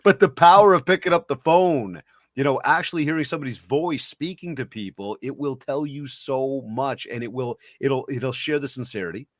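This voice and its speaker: A man's voice: mid-range voice, normal speed, no room sound. Rambling male podcast host, dry sound. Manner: rambling, restarts, storytelling. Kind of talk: casual conversation.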